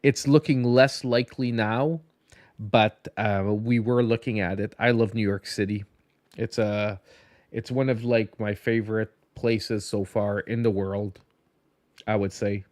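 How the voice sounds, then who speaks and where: A man's voice: on the low side, fairly even intonation, unhurried, darkish tone, no room sound, clean studio sound. A tired man hosting a casual gaming podcast, rambling with many restarts and a slight lisp. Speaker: podcast host. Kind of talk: casual late-night podcast chat.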